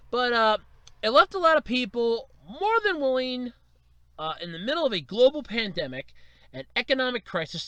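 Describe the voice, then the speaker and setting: A man's voice: high voice, dry recording. A man hosting a solo podcast, ranting sarcastically, swearing freely and acting out quoted voices. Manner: animated, sarcastic, cursing, acts out quoted voices. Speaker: podcast host.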